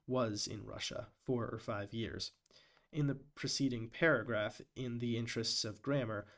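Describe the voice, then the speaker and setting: A man live-streaming as he reads a hearing transcript aloud, deliberately voicing every quote and end quote marker. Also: mid-range voice, a bit bright. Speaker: live-stream reader and commentator.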